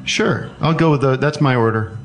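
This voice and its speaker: A man hosting a call-in podcast, talking casually in halting stops and starts full of fillers and restarts. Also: medium pitch, animated, soft background music. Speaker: podcast host taking calls.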